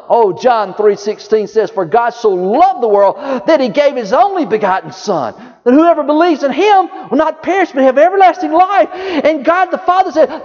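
A man preaching a sermon as pastor, folksy and animated, with chuckles and asides to the congregation. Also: very high-pitched, measured pace. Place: church sanctuary. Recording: dull sound in a large reverberant hall.

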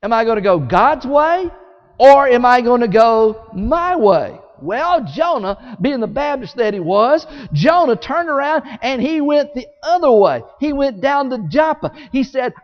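A man preaching a sermon as a story, animated and folksy, acting out scenes with sound effects. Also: extremely high pitch, a little slow. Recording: echoey hall, dull sound.

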